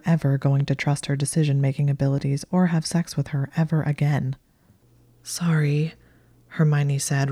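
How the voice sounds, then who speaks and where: Woman narrator, story reading, soft intimate delivery, dark mellow voice. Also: deep voice. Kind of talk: fan fiction reading.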